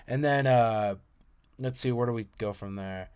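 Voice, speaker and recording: A young man talks through music in casual, excitable commentary and swears freely. His voice sits low and sounds smooth and resonant. He jumps from loud bursts to quiet, mumbled asides. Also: normal speed. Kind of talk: casual commentary reading lyrics aloud.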